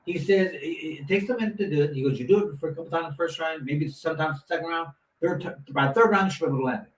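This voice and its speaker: A former boxer in his fifties, his voice a little high and his delivery fast, spins a long, casual story full of restarts and asides. The anecdote is rambling and animated. It was recorded on a distant mic in a roomy space with faint noise.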